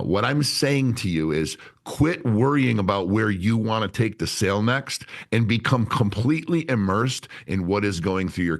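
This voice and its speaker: A man with a notably deep, low-pitched voice, speaking as a guest on an interview podcast. He talks bluntly and with energy, swears without hesitation, and explains things in a direct, plain-spoken way. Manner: blunt, animated, swears freely. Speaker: sales trainer, podcast guest. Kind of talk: candid interview talk.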